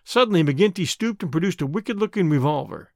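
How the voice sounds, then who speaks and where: A man narrating a classic story in a measured, expressive storytelling voice. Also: on the high side, no room sound, clean studio sound. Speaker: audiobook narrator.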